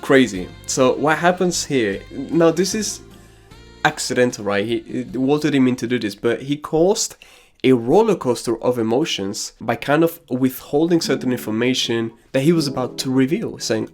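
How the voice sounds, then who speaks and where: A man's voice: medium pitch, lively intonation, moderate pace, soft background music. A man giving casual, slangy commentary on an anime and telling personal anecdotes. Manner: casual and slangy, drops crude asides.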